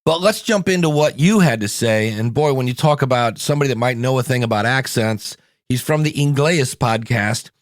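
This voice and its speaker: A man's voice: medium pitch, animated, moderate pace, no room sound, clean studio sound. A man from Ohio with a Midwestern American accent, hosting a podcast and talking about accents in a chatty, informal way. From Ohio, USA. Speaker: podcast coach and host. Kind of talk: upbeat podcast talk.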